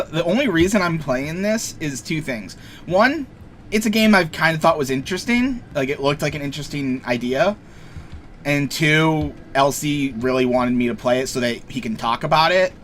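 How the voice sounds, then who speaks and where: A young man with a somewhat raised pitch chats loosely over gameplay, rambling off on tangents and cracking crude jokes. He swears freely and keeps a loose commentary going, with a faint hiss under his voice. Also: a bit bright. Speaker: let's play streamer.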